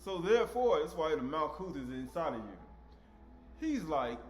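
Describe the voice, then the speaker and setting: Very animated and speaking at a normal speed, this man's voice leans high as he preaches in a conversational, casual style. Tag questions such as "right?" come up often, and he performs dialogue in slangy voices; faint music sounds in the echoey room.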